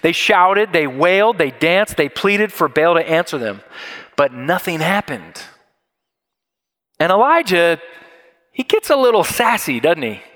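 A man preaching a sermon, explaining scripture and telling a story with animated, acted-out quotes. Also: on the high side, a little slow, long pauses, big-room sound. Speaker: pastor.

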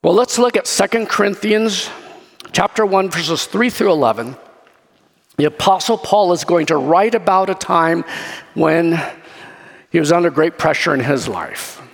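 A male pastor with a notably high voice preaches, spinning a story with lively, acted-out turns. His voice rings through a hall with a long reverb tail. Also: a little slow. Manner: lively storytelling, acts out scenes. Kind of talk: sermon.

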